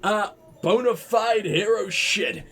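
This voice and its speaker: A man's voice: sits high, slow, a bit bright. A man hosting a video game let's play, rambling and swearing as he gushes about the game, tired after a late night. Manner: profane, gushing, rambling.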